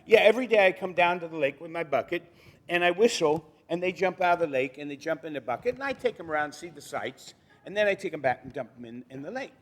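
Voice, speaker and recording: A man's voice: fairly high pitch, expressive, quick pace, natural voice. A man voicing a glib male fisherman who chats his way through a tall excuse. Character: fast-talking male fisherman spinning excuses.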